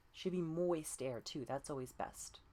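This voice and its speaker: A woman voice coach leading breathing and pitch exercises, patient and encouraging, often demonstrating breathy sighs. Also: very noisy. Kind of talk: guided voice exercise lesson.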